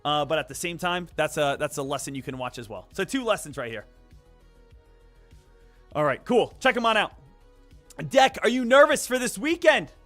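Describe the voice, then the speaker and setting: During a live day trading stream, a man rambles casually with lots of fillers and asides, speaking at a moderate pace with long pauses. His slightly high voice sounds bright, forceful and animated, and faint music plays underneath.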